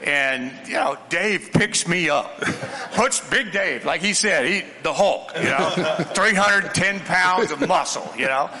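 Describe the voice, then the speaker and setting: A man, a former football player, telling an animated story on a panel and chuckling as he goes. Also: on the high side, takes it slowly, few pauses. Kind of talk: storytelling anecdote. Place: large hall with an audience. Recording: echoey hall.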